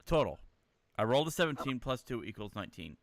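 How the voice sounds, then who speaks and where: A joking, eager man plays a tabletop game with a bright, animated voice. He is close to a dry mic, with little room sound. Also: medium pitch, fast, no echo. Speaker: player. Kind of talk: casual tabletop play.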